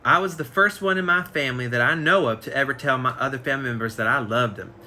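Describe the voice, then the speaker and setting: A man's voice: mid-range voice, fast, pushed and bright, slight background noise. A man reading a biography aloud on a casual live stream, stumbling and correcting himself as he goes. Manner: reads aloud with frequent slips and self-corrections. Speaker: reader. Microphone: phone on a live stream.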